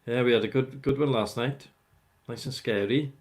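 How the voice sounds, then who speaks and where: Talking at normal speed in a mid-range voice, a man rambles through a casual livestream, speaking to viewers by name.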